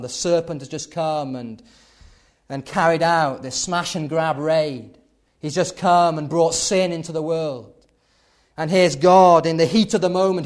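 Emphatic male preacher, fairly high voice. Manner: builds to loud emphatic peaks, then drops low. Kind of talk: sermon.

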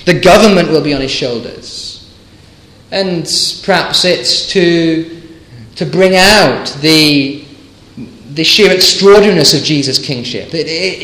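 A man's voice: fairly high pitch, measured pace, a bit bright, echoey room, low-quality recording. A man preaching a sermon, emphatic and fervent, often asking rhetorical questions of his listeners. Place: church.

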